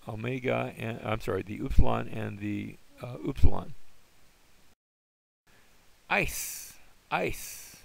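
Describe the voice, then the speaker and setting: Gravelly man teaching Greek sounds. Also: mid-range voice. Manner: patient, thinking aloud, sounds words out slowly. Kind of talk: informal classroom explanation.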